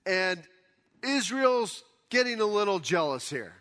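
A pastor preaching a conversational sermon, explaining scripture casually in everyday words. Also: male voice, high voice, big pitch swings, measured pace, a bit bright. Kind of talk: conversational Bible teaching sermon.

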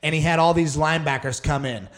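A man's voice: on the high side, quick pace. Guy telling long rambly stories on a podcast, swears a lot, does everyone's lines. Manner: rambling, profane storyteller, acts out quotes. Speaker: podcast co-host. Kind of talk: casual chat, storytelling.

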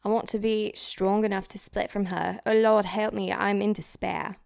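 A woman reading diary entries in a put-on British accent, voicing a fearful, brooding teenage girl in a slow, earnest, intense way. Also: mid-range voice, steady tone, creaky, darkish tone, dry recording, clean studio sound, natural voice. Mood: despairing.

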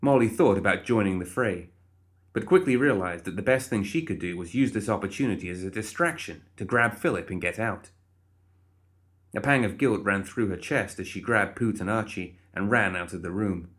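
A man giving steady, measured storybook narration. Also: fairly low pitch.

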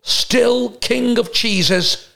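A man voicing a dim, smug TV presenter, drawn-out and self-satisfied. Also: extremely high pitch, vocal fry, sharp tone, voice pushed up, heavily acted. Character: dim, smug male TV presenter tasting cheese.

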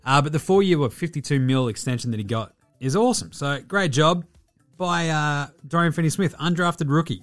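A man hosting a casual sports talk show, swearing freely and talking in a loose, animated way. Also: fairly high pitch, a little fast, faint music behind. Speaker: podcast host.

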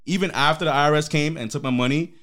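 A man's voice: fairly high pitch, fast talker, a bit bright. A man co-hosting a podcast in casual chat, laid-back and slangy, often chiming in to agree. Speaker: podcast co-host.

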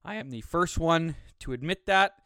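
A man's voice: a little high, animated, moderate pace, fairly bright tone, no echo, studio quality. A young man hosting a solo podcast, talking in a casual, profane, rambling and self-mocking way, slightly out of breath. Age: young adult. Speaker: podcast host. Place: home studio room.

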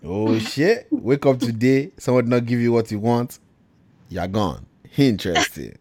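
A man's voice: mid-range voice, animated, a little slow, a little mellow, no room sound. A man hosting a casual talk radio show, laid-back and slangy, laughing often.

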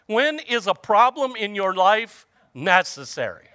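A man's voice: high-pitched, lively intonation, unhurried, hardly any pauses, sharp tone, no room sound. A man preaching a sermon, chatting with the congregation, joking about everyday trouble and reading scripture aloud. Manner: conversational preaching with humor and audience call-outs. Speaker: pastor.

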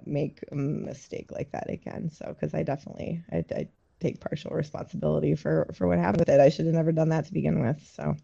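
Female podcast guest, lowish gravelly voice, dull lo-fi sound, candid and laughs a lot. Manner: candid, laughs often, swears freely. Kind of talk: casual chat.

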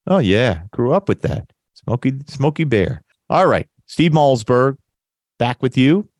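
A man's voice: mid-range voice, very animated, measured pace, a little mellow, dry recording, studio quality. A man hosting a talk radio show, rambling and correcting himself, with lingering congestion. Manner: rambling, self-correcting, laughs mockingly. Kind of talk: conservative talk radio commentary.

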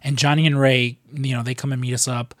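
A man's voice: medium pitch, level tone, quick pace, dry recording, clean studio sound. A man co-hosting a podcast, telling stories in a loose, profane way with lots of fillers. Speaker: podcast co-host. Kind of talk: casual chat.

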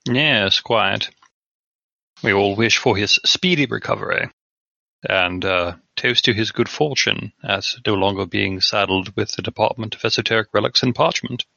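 A man's voice: fairly low pitch, normal speed, gravelly, pushed and bright, no room sound, lo-fi sound. A man playing a tabletop game, talking in character in a dry, mock-formal way. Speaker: player.

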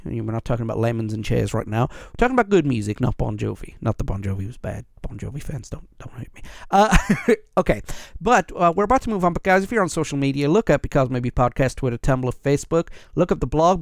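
A man hosting a podcast on his own, reading out listener lists in a casual, upbeat way with quick asides. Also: mid-range voice, animated, vocal fry, no room sound, clean studio sound. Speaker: podcast host. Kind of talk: casual solo podcast chat.

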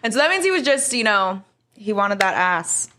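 A woman's voice: mid-range voice, very animated, normal speed, bright, forceful tone, a little hiss or hum. A young woman co-hosting a podcast, chatting candidly, swearing freely and laughing often. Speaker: podcast co-host. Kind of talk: casual podcast chat.

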